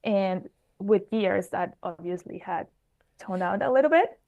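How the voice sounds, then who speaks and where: Expressive woman in her thirties. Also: mid-range voice, measured pace, creaky, phone-quality sound. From Mexico. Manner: expressive, talks with her hands. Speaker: HR expert guest. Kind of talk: conversational interview answers.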